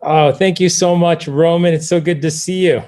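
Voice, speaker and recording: A man's voice: a little high, fairly even intonation, normal speed, a little mellow. Brief: male award winner, humble and thankful, joining remotely by video call. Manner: gracious and humble. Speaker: award recipient, podcast host. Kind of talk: casual chat.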